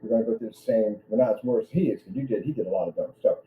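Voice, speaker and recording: A man's voice: on the low side, very fast, phone-quality sound, a little hiss or hum. A man running his own business, ranting in a vlog with indignant threats aimed at one person. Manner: repetitive, addresses one person directly. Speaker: business owner.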